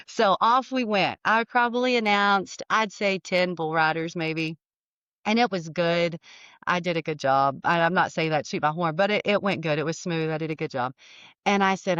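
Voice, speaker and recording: Animated woman telling a story, dull dry sound. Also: on the low side, moderate pace, no room sound. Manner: animated, acts out dialogue with laughs. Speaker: podcast guest. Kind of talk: casual storytelling.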